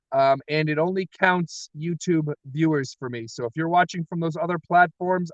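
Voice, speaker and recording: An upbeat man chats on a solo livestream from inside his car, full of energy, laughing at himself as he goes. His voice sits a little high, and the sound is dry and close, slightly dull. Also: dry recording. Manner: energetic, laughs often, self-deprecating. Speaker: comic creator livestreaming. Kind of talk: rambling solo livestream chat. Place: parked car.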